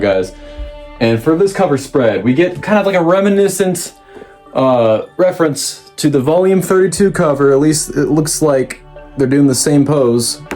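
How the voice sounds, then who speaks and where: A man hosting a casual manga review, rambling with fillers and restarts and jumping up in pitch when he quotes characters. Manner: lively, pitch jumps up when quoting characters. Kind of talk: casual recap commentary.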